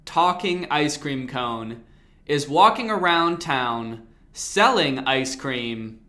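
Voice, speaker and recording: A man's voice: mid-range voice, animated, takes it slowly, sharp tone. A young man doing comedic video commentary, sarcastic, swearing casually and acting mock-outraged. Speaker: online commentary host.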